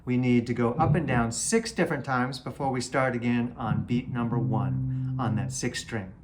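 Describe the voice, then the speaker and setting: In a casual guitar lesson, the teacher explains an exercise and counts beats out loud while playing, shouting "triplet" over the notes. His voice is mid-range and moderately paced. Heavy background noise sits in the recording along with the guitar under his voice.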